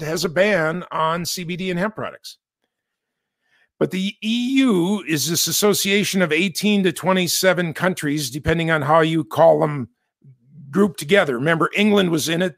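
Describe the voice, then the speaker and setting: A man's voice: high voice, a bit bright, no echo. Chatty American man, dry and close. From United States. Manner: chatty, self-correcting, jokey asides. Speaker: commentator. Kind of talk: casual spoken commentary.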